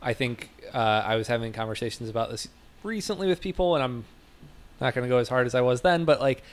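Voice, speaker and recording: Male co-host, everyday voice, candid and halting in casual music talk. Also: medium pitch, animated. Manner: candid, hesitant, wry. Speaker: podcast co-host. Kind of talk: casual chat about music records.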